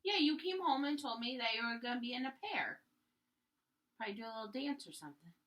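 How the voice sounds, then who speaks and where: Woman, casual listener, sharp bright tone, asks questions. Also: a little high, animated, fast talker. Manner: supportive listener asking questions. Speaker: friend listening. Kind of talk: casual chat.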